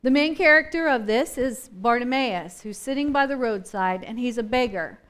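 High-voiced woman teaching Scripture. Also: normal speed, smooth. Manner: animated, acts out scenes and voices from the story; thinks aloud with restarts and questions. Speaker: Bible study teacher. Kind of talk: conversational Bible teaching.

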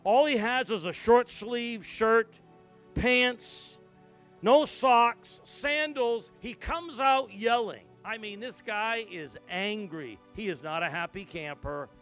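Man pastor preaching a story, higher voice, goes quiet then gets loud, bit of music underneath. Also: slow. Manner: storytelling, swings from hushed to loud and emphatic. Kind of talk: sermon.

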